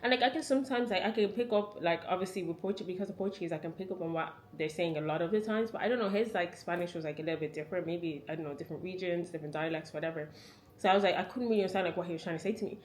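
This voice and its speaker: A woman's voice: on the low side, rapid-fire. A woman in her twenties with an Irish accent, telling a chatty travel story to camera, full of "like" fillers. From Ireland. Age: 20s. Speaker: travel vlogger.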